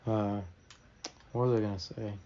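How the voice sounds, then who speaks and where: A man's voice: on the low side, flat delivery, moderate pace, warm tone, muffled recording, slight background noise. A man hosting a casual podcast, laid-back, asking short questions and trailing off. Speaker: podcast host. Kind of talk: casual interview.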